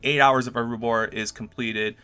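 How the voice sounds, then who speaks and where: A man with a bright, clear voice hosts his own gaming video, talking through the results in a relaxed, chatty way. He sounds upbeat and enthusiastic, with soft music playing behind him. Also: medium pitch, normal speed. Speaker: gaming YouTuber. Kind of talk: casual gameplay commentary.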